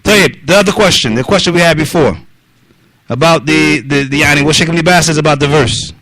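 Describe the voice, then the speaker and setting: Brisk, rapid-speaking mosque teacher man. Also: on the high side, fairly bright tone, no echo. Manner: mixes Arabic phrases into English, frequent fillers like yani; questions listeners directly, brisk and probing. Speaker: religious teacher. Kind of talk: mosque lesson with questions from attendees.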